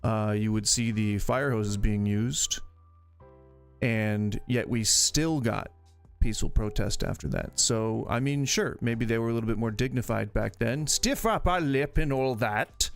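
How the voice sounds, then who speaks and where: A man's voice: on the low side, fairly even intonation, measured pace, vocal fry, soft background music. A man hosting a live stream, giving casual, opinionated reaction commentary and arguing his points in long, rambling stretches. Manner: opinionated, argumentative, rambles with restarts. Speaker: streamer host reacting to videos.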